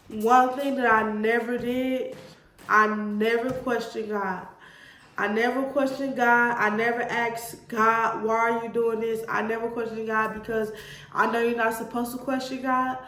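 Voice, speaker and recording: A woman's voice: on the high side, a bit bright, roomy sound. A woman, telling a personal story to camera in an earnest, emotional way and addressing viewers as y'all. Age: 20s. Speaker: vlogger.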